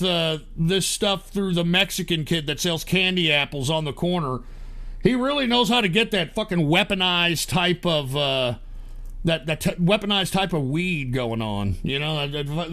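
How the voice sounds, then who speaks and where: Brief: high-voiced gravelly male streamer, foul-mouthed angry ranter, tense sharp tone, stumbles over his words. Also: moderate pace. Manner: profane, angry ranting; stammering restarts. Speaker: livestream host. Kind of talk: ranting livestream broadcast.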